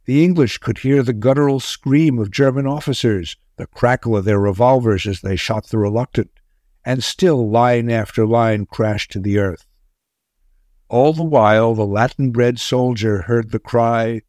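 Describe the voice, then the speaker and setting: A man's voice: medium pitch, measured pace, a little mellow, dry recording. Solemn male storyteller, dry recording. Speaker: narrator. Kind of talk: scripted story narration.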